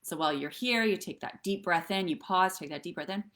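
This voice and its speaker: A woman's voice: fairly low pitch, a little fast, fairly bright tone. A middle-aged woman coaching viewers through breathwork and tapping on a live stream, chatty and often checking in with "okay?" and "right?". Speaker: wellness coach.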